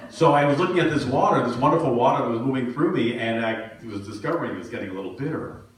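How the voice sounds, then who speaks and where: A man's voice: mid-range voice, lively intonation, fast talker, a little hiss or hum. A middle-aged male minister giving a sermon in a conversational, storytelling way with self-deprecating humor. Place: church sanctuary. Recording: echoey hall from far off.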